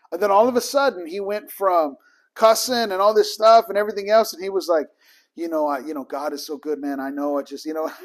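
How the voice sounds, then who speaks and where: Ministry trainer, man, high-pitched, emphatic storyteller. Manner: storytelling, acts out both sides of conversations, emphatic. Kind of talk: casual teaching talk.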